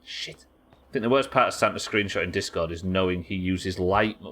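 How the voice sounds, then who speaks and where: Low-pitched and a bit bright, his brisk voice carries a live gaming stream where he talks to chat and swears as he plays.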